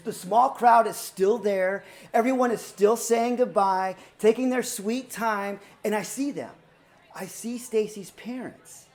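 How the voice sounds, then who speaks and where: A woman performing a personal story aloud, animated and dramatic, swinging between loud bursts and hushed moments. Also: mid-range voice. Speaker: student storyteller.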